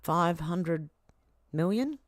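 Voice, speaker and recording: A woman's voice: lowish voice, lively intonation, very slow, dry recording, studio quality. An Australian woman in her fifties hosting a casual livestream, reading viewer comments aloud and chatting back to them. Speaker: livestream host.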